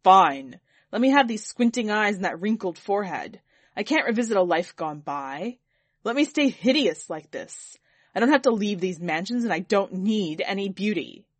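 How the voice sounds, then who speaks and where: Storybook villain: woman voicing a vain, wrathful man of power, lowered pitch, loud and biting, dry close read. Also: normal speed, no echo, lightly acted. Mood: angry. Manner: shouting, wrathful. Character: vain angry powerful man called Sir.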